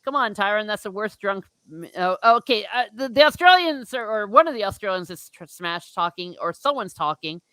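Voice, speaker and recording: A woman from Ireland hosting a casual book discussion stream, animated and quick to laugh, often restarting her sentences. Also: mid-range voice, no room sound. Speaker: livestream book discussion host. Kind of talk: casual chat with live chat readers.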